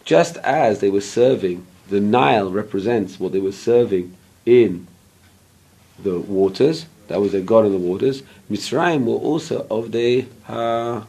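Fairly low and creaky, mellow with a breathy edge, this man's voice carries an informal Bible lesson. A Torah teacher, he explains verse by verse, checks in with the group, and pauses at times to search for English words.

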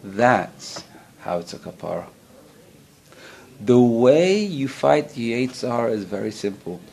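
A man's voice: mid-range voice, animated, a little slow, vocal fry, darkish tone, slight background noise. A man teaching a Torah lesson as a rabbi, earnest, often asking his listeners questions. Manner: earnest, asks the listeners questions, acts out voices.

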